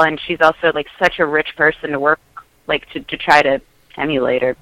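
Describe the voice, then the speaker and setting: A woman's voice: low-pitched, steady tone, a little fast, fairly bright tone, no echo, rough recording. A woman guest on a podcast, joking and sarcastic in casual chat.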